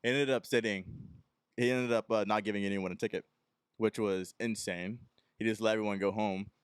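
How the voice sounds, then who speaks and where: A young man from Texas tells a long anecdote on his solo podcast. His voice sits low and sounds smooth and resonant, and he jumps into the voices of the people in his story. The sound is close and dry, with no room in it. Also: steady tone, fairly quick, no room sound. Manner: rambling anecdote, acting out the people he quotes. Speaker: podcast host.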